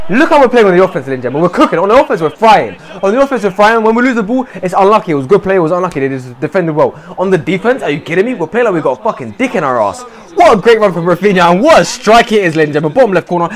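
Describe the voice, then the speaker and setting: A young man giving loud, swearing live commentary over a football video game, swinging from shouts to low mutters. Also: sing-song, very fast, hardly any pauses. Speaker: gaming streamer.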